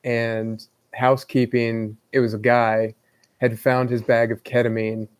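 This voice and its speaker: A man co-hosting a podcast, telling a story in a laid-back, drawn-out way. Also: mid-range voice, little pitch movement, dry recording. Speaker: podcast co-host. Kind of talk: casual podcast chat.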